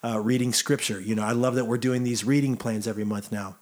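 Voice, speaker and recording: A man's voice: mid-range voice, fairly even intonation, fast talker, a little mellow. A man in his forties who hosts a faith conversation and writes church songs. He speaks in an upbeat, encouraging, conversational way. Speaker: host, church songwriter.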